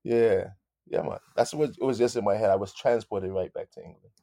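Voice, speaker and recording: A man telling stories as a guest in a casual interview, animated, repeating his phrases and calling people "man". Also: lowish voice, brisk, vocal fry, no room sound, studio quality. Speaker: guest musician.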